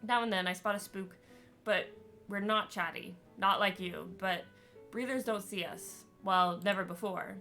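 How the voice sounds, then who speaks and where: A woman's voice: medium pitch, measured pace, creaky, pushed and bright, soft background music. A woman reading the lines of a blunt, scornful female ghost stuck at a train station. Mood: bitter.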